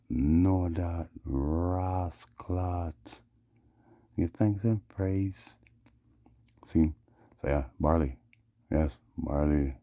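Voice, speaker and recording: A man's voice: a bass voice, dark tone, no echo. A man delivering a rambling vlog monologue, repeating "yeah" and "yes" as refrains. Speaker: vlogger.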